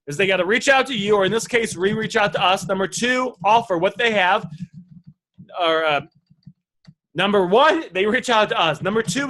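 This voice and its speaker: He is a male sales coach with a high, bright, forceful voice. He talks straight to his live viewers, pushing his points with emphatic energy. He keeps pulling them in with direct questions. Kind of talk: live online sales lesson.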